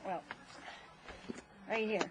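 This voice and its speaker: A woman, a mother, telling her grown child stories about him as a baby in a casual home video, animated and often laughing. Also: drawn-out words, noisy background.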